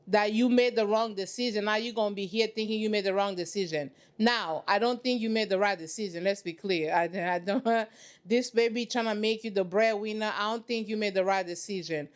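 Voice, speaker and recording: A woman hosting a reaction channel, giving sassy, emphatic commentary in casual slang. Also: mid-range voice.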